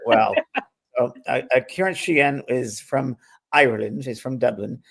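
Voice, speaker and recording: A man's voice: medium pitch, expressive, normal speed, creaky, fairly bright tone, a little hiss or hum. A man hosting a spiritual talk show, chatting casually and rambling a little, with frequent restarts. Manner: rambling, restarts often, laughs while talking. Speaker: host, medium. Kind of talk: casual chat.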